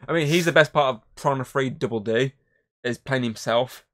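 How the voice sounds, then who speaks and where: A man's voice: medium pitch, fairly quick. Rambling, swearing man. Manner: rambling, swears a lot, animated retelling. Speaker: podcast host. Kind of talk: casual movie review chat.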